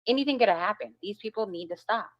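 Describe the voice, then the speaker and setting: A woman's voice: mid-range voice, fast. A woman hosting a casual reaction stream, blunt and brash, with heavy swearing. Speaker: stream host. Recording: slightly muffled lo-fi audio.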